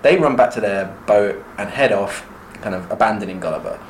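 A man's voice: lowish voice, a little fast, slight background noise. A man co-hosting a podcast, retelling a book in a dry, wry casual way. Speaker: podcast co-host. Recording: roomy echo.

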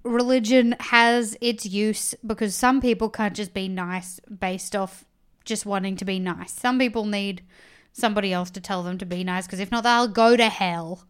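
A young woman co-hosting a casual recap, chiming in with quick agreement and blunt opinions. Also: mid-range voice, steady tone, clean tone. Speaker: podcast co-host.

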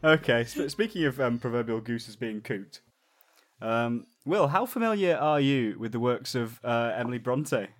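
A man's voice: medium pitch, lively intonation, moderate pace, soft background music. A man hosting a comedy podcast segment, teasing his co-host and giggling often. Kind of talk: casual comedy chat.

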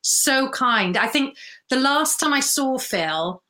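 A woman's voice: high voice, animated, slow pace. A woman, telling stories in a casual chat, laughing often. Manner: warm storytelling, laughs often, mimics voices. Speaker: guest.

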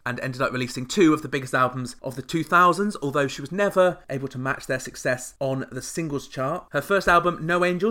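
A man hosting a comedic podcast, full of sarcastic deadpan asides. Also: a little high. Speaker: podcast host.

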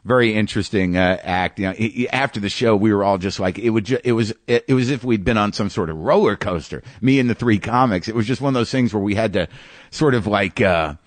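A man, a podcast host and stand-up comedian, telling a story in a halting way, often restarting and repeating words as he searches for them. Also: fairly low pitch, no room sound. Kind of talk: storytelling monologue.

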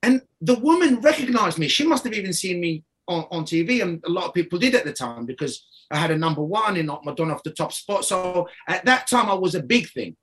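A man's voice: high voice, lively intonation, fairly quick, few pauses, fairly bright tone. A man speaking as a guest, telling his story in a rambling, casual way, often restarting and laughing.

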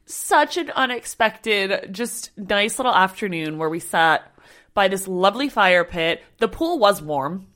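A woman co-hosting a casual travel chat, telling a story with lively acted-out quotes. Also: medium pitch, measured pace. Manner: animated storyteller, acts out quotes. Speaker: podcast co-host.

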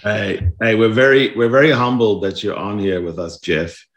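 A man's voice: on the low side, moderate pace. A man from South Africa co-hosting a rugby podcast, trading dry jokes. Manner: joking, deadpan quips. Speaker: podcast co-host. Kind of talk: casual sports podcast banter.

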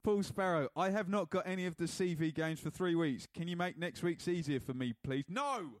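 A man's voice: a little high, fairly quick, dry recording. A man co-hosting a podcast in casual chat, jokey and laughing often as he reads out listener messages. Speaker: podcast co-host.

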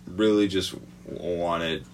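Male podcast co-host, low voice, casual rambling delivery with lots of fillers and profanity. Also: drawn-out words, a little hiss or hum. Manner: rambling, hesitant with many fillers, swears freely. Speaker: podcast co-host presenting a true crime report.

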